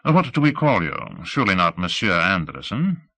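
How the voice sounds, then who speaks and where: A man's voice: deep voice, big pitch swings, normal speed, pushed and bright, exaggerated voice. Man putting on a hearty, courtly colonel. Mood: genial. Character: genial British-tinged male colonel, effusive.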